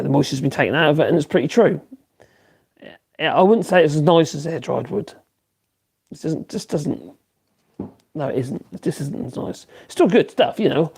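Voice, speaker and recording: A man in his fifties from Norfolk, with his accent intact, chats loosely to viewers of his woodworking livestream, circling back on himself with ums and restarts. His voice is gravelly and a bit husky. It sits slightly higher than most men's. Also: darkish tone. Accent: Norfolk English. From Norfolk, England. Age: 50s. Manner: rambling, many fillers and restarts, chuckles. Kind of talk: casual livestream chat answering viewers.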